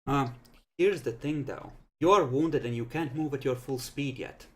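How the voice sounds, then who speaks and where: A man running a tabletop role-playing game as game master, calmly explaining rules and narrating what happens. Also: mid-range voice, measured pace.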